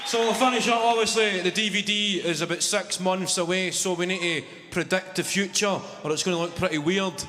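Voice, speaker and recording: A Scottish man in his thirties with a Glaswegian accent performs a sweary stand-up set before a live theatre audience, his voice high-pitched with fairly even intonation. He tells stories with quick asides, while the echoey hall carries crowd noise, background noise, and loud laughter.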